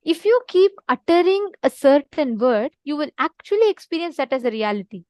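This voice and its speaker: Woman, high voice, dry close sound, earnest spiritual teacher who repeats her points. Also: very animated, fairly quick, darkish tone, no room sound. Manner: earnest, repeats for emphasis, asks listeners to respond. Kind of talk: online teaching session with a story.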